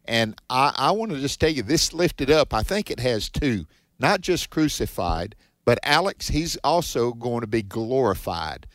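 A man's voice: mid-range voice, big pitch swings, a little slow, dry recording. A man co-hosting a Bible teaching show, giving earnest, preacherly exhortations in a conversational way.

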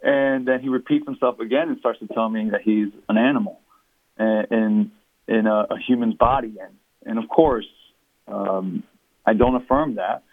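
A pastor in an interview, explaining his views earnestly and at a measured pace. His voice sits fairly low. It comes through a thin, tinny phone line with no room sound. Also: dry recording. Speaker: pastor and author.

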